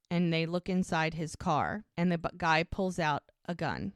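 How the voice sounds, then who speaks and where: A woman's voice: lowish voice, moderate pace, few pauses, no room sound, studio quality. A woman co-hosting a rewatch podcast, retelling the scenes in casual chat and briefly putting on little voices for the characters' lines. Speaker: podcast co-host recapping episodes.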